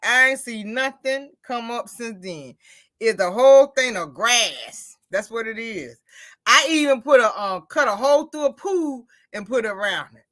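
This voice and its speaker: A woman talks in a relaxed, chatty way, spinning everyday stories. Her voice sits high and bright. She slips into quoted dialogue as she retells what people said. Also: measured pace. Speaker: host. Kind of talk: casual chat.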